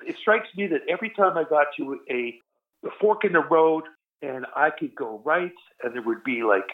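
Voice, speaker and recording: A man's voice: on the high side, normal speed. An older male musician telling rambling stories about his career in a casual interview, laughing at himself. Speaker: guest musician. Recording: tinny phone-line audio.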